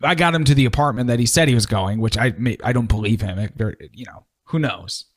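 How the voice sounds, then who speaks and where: A man's voice: medium pitch, fast talker. A man co-hosting a casual podcast, laid-back and teasing as he tells a story. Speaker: podcast co-host. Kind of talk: casual chat.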